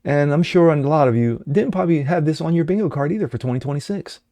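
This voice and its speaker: A man's voice: quick pace, mellow, dry recording. A man hosting a daily political commentary show, sarcastic and mocking in tone. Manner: sarcastic and mocking, swings pitch for jokes. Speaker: host.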